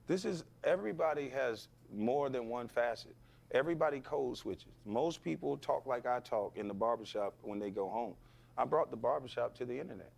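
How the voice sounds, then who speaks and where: A former athlete as a podcast guest, talking bluntly and emphatically and firing back rhetorical questions. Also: male voice, medium pitch, lively intonation, normal speed, creaky, darkish tone. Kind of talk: heated podcast interview.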